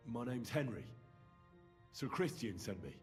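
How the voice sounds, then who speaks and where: An earnest young student. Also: male voice, medium pitch, big pitch swings, unhurried, faint music behind. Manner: polite, inquisitive questioning. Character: curious young male student, polite and earnest.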